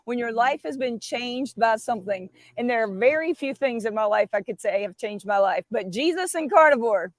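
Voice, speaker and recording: Woman w on a video call, real fired up, high voice, super dry. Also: moderate pace, hardly any pauses, dry recording. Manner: fired-up, animated storytelling. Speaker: guest. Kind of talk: enthusiastic livestream chat.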